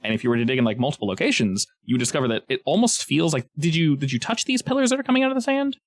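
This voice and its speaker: A man's voice: a little high, sing-song, racing, dry recording. A man narrating a tabletop game as game master, in a chatty way with frequent restarts.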